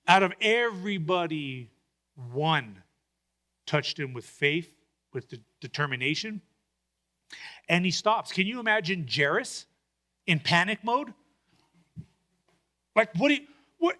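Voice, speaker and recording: A man's voice: sits high, pushed and bright. A male pastor preaching a sermon, retelling a story with dramatic acted-out voices.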